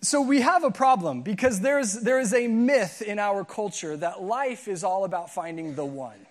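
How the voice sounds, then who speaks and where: A man's voice: high-pitched, lively intonation, moderate pace. A young adult man, a pastor, giving a casual, joking sermon with many asides to the congregation. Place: church auditorium.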